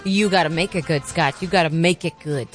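A woman's voice: low voice, fairly quick, soft background music. A woman co-host bantering playfully in the studio, laughing often.

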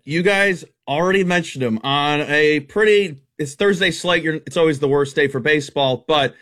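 Emphatic stat-spouting betting analyst, high-pitched man. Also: fairly bright tone. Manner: rapid-fire stat-heavy, emphatic and opinionated. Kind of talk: casual radio sports betting talk.

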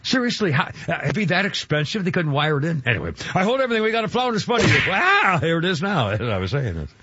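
A man's voice: on the high side, very animated, quick pace, bright, forceful tone, highs cut off, a little hiss or hum. A man hosting a radio talk show, chatting in a rambling way and exclaiming often. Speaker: radio host.

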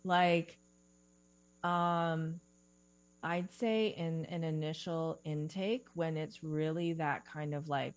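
A woman career coach talking casually in a podcast interview, full of "like" and "you know" and quick giggles. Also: sits low, fairly even intonation, clear, resonant tone, rough recording.

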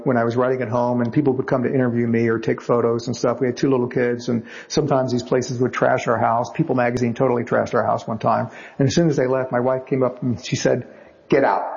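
Novelist guest, man, gravelly, animated storyteller, slightly dull audio. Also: mid-range voice. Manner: animated anecdotes, acts out other people's lines. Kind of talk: storytelling interview answers. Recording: slightly muffled recording.

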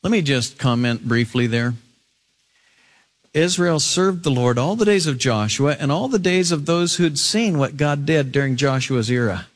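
A man's voice: on the high side, lively intonation, normal speed. Male preacher, expository sermon, emphatic and earnest. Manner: reads scripture then comments with emphatic rises. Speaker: pastor.

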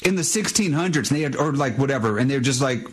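Rambling male co-host with a breathy voice. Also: mid-range voice, animated. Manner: rambling, restless, halting. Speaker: radio co-host. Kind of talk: casual radio chat.

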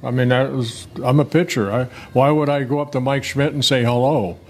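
A man's voice: medium pitch, fairly even intonation, normal speed, a little mellow. An older man, a former ballplayer, telling rambling, self-correcting stories in a casual interview. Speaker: former pitcher, guest.

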